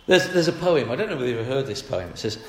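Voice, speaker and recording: A man preaching a sermon in a chatty, animated way, often laughing as he talks. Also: mid-range voice, very fast, a little hiss or hum. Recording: echoey hall.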